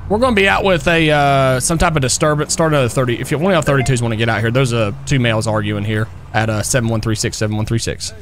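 A man role-playing a police officer, easygoing and quick to laugh as he calms people down. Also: medium pitch, slight background noise. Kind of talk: in-character role-play.

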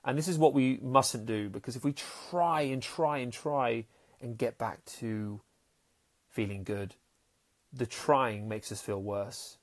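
Speaking slowly in a mid-range voice, this podcast host and happiness coach delivers an earnest, casual monologue. He frequently repeats words and voices characters when telling stories.

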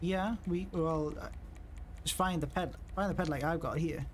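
Excitable man with a higher voice. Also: moderate pace, a little hiss or hum. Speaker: roleplay streamer. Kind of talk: casual gaming chat.

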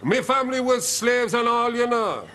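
A man's voice: very high voice, animated, normal speed, bright, forceful tone, full character voice. An actor playing a white man who fakes Jamaican patois slang, brash and laughing, before a studio audience. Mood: swaggering. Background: crowd noise and laughter.

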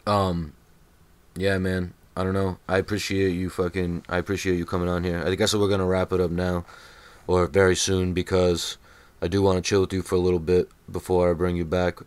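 A man's voice: low-pitched, clean tone, no echo. A man from Rhode Island with a New England accent, hosting a podcast in profane, joking banter. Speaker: podcast host. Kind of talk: casual chat.

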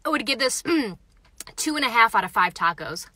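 A young woman vlogger sits in a parked car, reviewing a taco live on her phone and chatting frankly with viewers between bites, reading their comments aloud as she eats. Her fairly high voice is animated, pushed and bright, at a measured pace, with no room sound.

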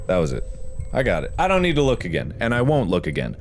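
A man's voice: lowish voice, huge pitch swings, fast, slight background noise. A man hosting his own gaming channel, chatting casually and making sarcastic jokes aimed at his editor. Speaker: YouTuber and host.

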